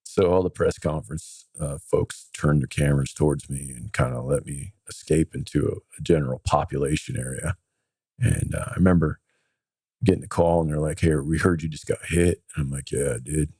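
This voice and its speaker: A man's voice: a bass voice, fairly quick, dark tone, husky, no room sound. A man as a podcast guest, casually telling a story in a laid-back way and acting out what others said. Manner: laid-back, acts out others' lines in quotes.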